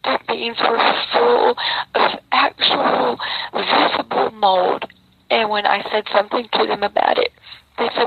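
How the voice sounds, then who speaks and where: Slow, weary woman on lo-fi video. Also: a little high, fairly even intonation, vocal fry. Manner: slow, weary, close to tears. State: sore mouth, missing teeth. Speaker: incarnated woman speaking out. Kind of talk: emotional live video testimony. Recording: dull lo-fi phone video with faint noise.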